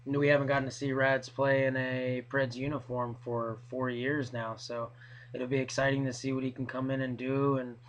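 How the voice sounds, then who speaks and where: A man with a hoarse, worn voice from yelling, talking loosely in a casual video blog. His pitch sits mid-range and barely moves, so his delivery sounds flat. He rambles and hesitates as he shares his thoughts. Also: normal speed, a little hiss or hum, low-quality recording. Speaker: hockey fan vlogger.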